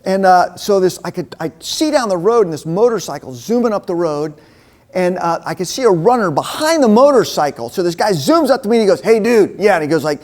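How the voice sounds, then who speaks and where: A man giving a casual storytelling sermon to a men's group, chatty and lively, dropping to a hushed voice at times. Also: sits high, brisk. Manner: animated, chatty storyteller who drops to a hushed voice. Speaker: men's ministry speaker. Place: meeting room with a live audience.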